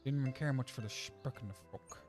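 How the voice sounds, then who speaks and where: A man's voice: mid-range voice, a little fast, darkish tone, faint music behind, pitched below the performer's own voice, close to an everyday voice. A man voicing a folksy old village man who rambles through a story, reading game dialogue aloud with a drawl.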